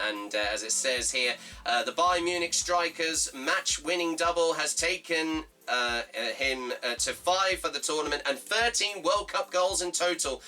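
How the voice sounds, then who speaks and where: A man running a casual football newspaper roundup, stumbling through lots of fillers and restarts. His voice is sharp and very bright. The mic sits a little distance away from him. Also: mid-range voice. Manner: halting, full of fillers and restarts. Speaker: presenter of a fan football series.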